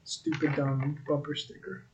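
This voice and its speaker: A man's voice: fairly high pitch, completely flat delivery, unhurried, a crowd in the background. Playful young man riffing on a podcast. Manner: playful, riffs with silly repeated insults. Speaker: podcast co-host. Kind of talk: casual chat.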